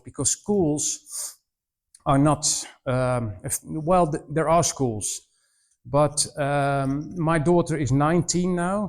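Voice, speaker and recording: A man in his forties giving a missionary presentation to students, telling stories in an animated way, mimicking voices and often restarting his sentences. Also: fairly high pitch. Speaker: missionary speaker. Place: college presentation room.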